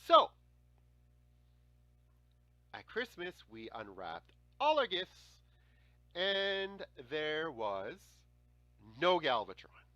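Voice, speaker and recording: A man in his forties hosts a casual livestream and spins stories with lots of swearing and laughter. His voice sits fairly high, very lively in pitch and bright in tone. The sound is close and dry. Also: extremely slow, long pauses, dry recording, muffled recording. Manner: animated, swears often, laughs through stories. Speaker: livestream host. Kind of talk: casual storytelling chat.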